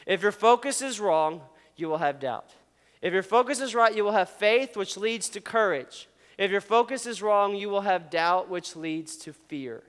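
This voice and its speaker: A man's voice: high voice, moderate pace, fairly bright tone, clear, resonant tone. A man giving a casual youth sermon, playful, often laughing and asking the audience questions. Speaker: youth pastor. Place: large hall with an audience. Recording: long hall reverb.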